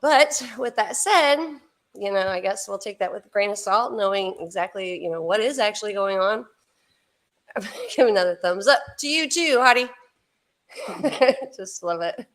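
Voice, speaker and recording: A woman's voice: medium pitch, lively intonation, moderate pace, a bit bright. A woman in her fifties hosting a casual podcast livestream, chatting with a co-host and greeting viewers with frequent laughter. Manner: bubbly, laughs often, chatty asides to viewers.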